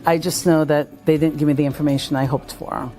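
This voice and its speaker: A woman speaking about leadership at a conference, energetic and acting out the voices of the people she quotes. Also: low-pitched, fairly quick, soft background music. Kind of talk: conference talk and vlog.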